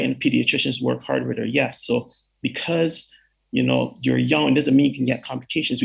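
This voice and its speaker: A Barbadian man speaks earnestly over a call, stopping and restarting his sentences often. His voice is heavily gravelly and husky. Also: mid-range voice, low-quality recording. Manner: earnest, halting, many fillers and restarts. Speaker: chief medical officer. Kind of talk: town hall answer. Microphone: video call.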